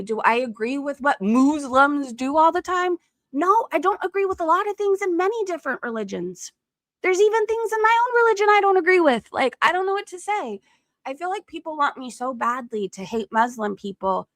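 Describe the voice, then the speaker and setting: A young adult woman streamer in casual gossip mode, blunt and full of profanity, breaking into laughs. Her voice sits a little high for a woman. The sound is dry and close, with no room around it. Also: a bit bright, no echo. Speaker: live streamer.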